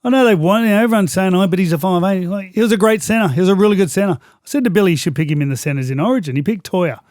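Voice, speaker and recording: A middle-aged Australian man in casual chat, a former league player telling animated stories. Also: high voice, rapid-fire, dry recording, clean studio sound. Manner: storytelling, animated and chatty. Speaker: former rugby league player, guest co-host.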